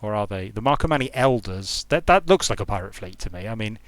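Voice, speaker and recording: A young man with a low-leaning voice, lively intonation and fast delivery, recorded without echo, streams a strategy game from a hot room at home. As a game designer, he chats casually, rambling and interrupting himself while thinking aloud.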